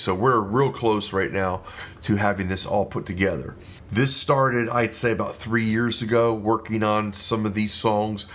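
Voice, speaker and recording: A middle-aged man and musician talking casually through his studio work, relaxed and rambling with plenty of fillers and restarts. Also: lowish voice.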